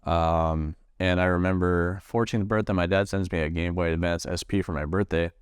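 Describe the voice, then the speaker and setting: A man from Nebraska, a Marine veteran, telling his own story in an interview, halting with many fillers and restarts and swearing freely. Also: deep voice, fairly even intonation, clean tone, no echo, studio quality. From Nebraska, USA.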